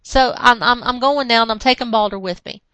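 Taunting old hag, read by a woman; fairly high voice, dry close sound. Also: fairly quick, a bit bright, clear, resonant tone, no room sound, close to an everyday voice, low-quality recording. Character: old female hag, a menacing sorceress's servant.

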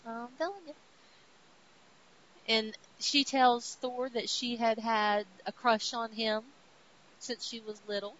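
A chatty woman podcast host recaps a comic with a highish voice and keeps acting out the characters. Her sound is a little dull, with a faint hiss underneath. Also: steady tone, slow pace, pauses often, fairly bright tone. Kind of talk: casual comic book recap.

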